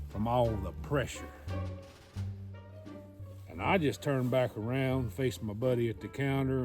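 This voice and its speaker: Slow, folksy storyteller man. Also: medium pitch, darkish tone. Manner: folksy, drawn-out delivery. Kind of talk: casual storytelling.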